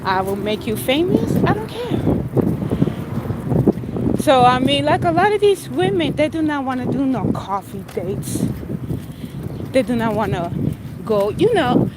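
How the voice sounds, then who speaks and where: Brief: young woman vlogger, high voice, slow and unhurried, blunt and sassy, outdoor noise behind her. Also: big pitch swings. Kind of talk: casual livestream chat.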